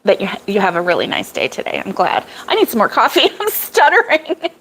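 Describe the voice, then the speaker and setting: A woman's voice: medium pitch, huge pitch swings, moderate pace, fairly bright tone, slightly rough, poor audio. A middle-aged woman hosting a casual live stream from a cabin, chatty, laughing often and reading viewer comments aloud. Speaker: crochet vlog host. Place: cabin in the woods.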